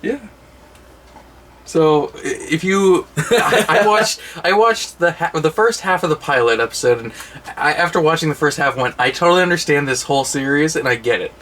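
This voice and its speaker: Higher-voiced man telling a rambling story. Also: moderate pace, a bit bright, rough recording. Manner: rambling storyteller, laughs at own stories. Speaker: co-host of a movie collection show. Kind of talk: casual chat.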